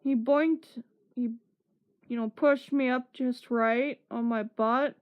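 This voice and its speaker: A woman's voice: a little high, fairly even intonation, slow pace, smooth. A woman streamer telling a casual story, acting out what people said with laughs between lines. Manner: acts out quotes with laughs. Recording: dull lo-fi stream audio.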